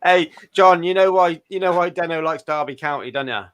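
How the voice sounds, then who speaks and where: A man hosts a live stream chat in a bright, fairly high voice. He teases his guests and reads out viewer comments. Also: brisk, a little hiss or hum. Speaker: show host.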